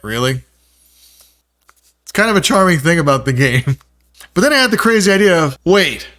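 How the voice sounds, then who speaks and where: A man narrating his own video in a casual, self-mocking storytelling voice. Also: high-pitched. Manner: animated and self-mocking, jumps into playful quoted voices. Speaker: video creator.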